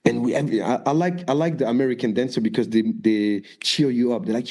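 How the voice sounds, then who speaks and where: With barely a pause, this French-accented man talks briskly at a medium pitch while telling stories as a guest dancer in a casual interview. He acts out what others said animatedly, raising his voice for the quotes.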